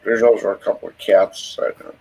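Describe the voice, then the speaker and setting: A man's voice: lowish voice, steady tone, a little fast, vocal fry, a little mellow, husky, low-quality recording. A man narrating a tabletop game as game master, describing scenes with hesitant fillers.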